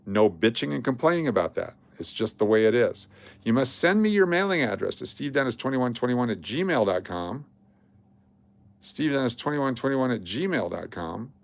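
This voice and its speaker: A man's voice: medium pitch, very animated, moderate pace, creaky. A man hosting a casual livestream, talking to his chat in a blunt, joking, rambling way. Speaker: livestream host.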